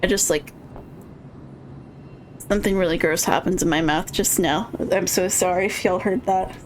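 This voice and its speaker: A woman's voice: lowish voice, fairly even intonation, moderate pace, pauses often, a little hiss or hum. A young adult woman streaming a game, reading the dialogue aloud with casual, joking asides and some swearing.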